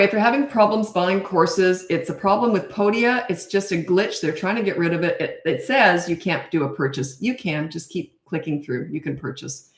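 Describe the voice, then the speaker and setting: A middle-aged woman coaching parents in a casual Q&A, blunt and matter-of-fact, now and then acting out short quotes in a higher voice. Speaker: parenting coach answering viewer questions. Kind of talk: casual live Q&A. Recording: roomy echo.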